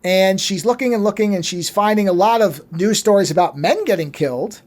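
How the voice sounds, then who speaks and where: A man on a podcast casually retelling a movie plot, animated and swearing freely. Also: high-pitched, a little fast, hardly any pauses. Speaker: podcast co-host.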